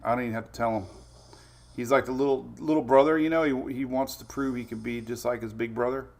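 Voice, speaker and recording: Chill guy hosting a weather stream, gravelly voice, chuckles a lot, talks back to chat. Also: medium pitch, fairly even intonation, fast talker, a little mellow. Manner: laid-back, chuckling, answers viewer comments. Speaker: weather livestream host. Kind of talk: casual live-stream chat.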